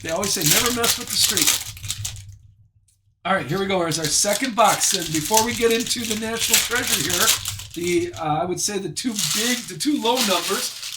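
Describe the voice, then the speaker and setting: A man's voice: high-pitched, very noisy. A man hosting a live sports card break, chatty and self-deprecating as he reads out each card he pulls.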